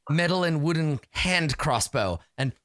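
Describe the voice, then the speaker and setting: A man's voice: on the high side, lively intonation, fairly bright tone, dry recording. Guy game-mastering a tabletop session, voice swings up and down a lot, lots of uhs, dry close sound. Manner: halting, many fillers, chuckles often.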